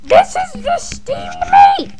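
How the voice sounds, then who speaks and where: A woman voicing a stubborn, whiny male grocery shopper who keeps yelling and insisting in a homemade comedy skit. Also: very high voice, lively intonation, slow pace, slight background noise, exaggerated voice, rough recording. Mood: insistent, whiny.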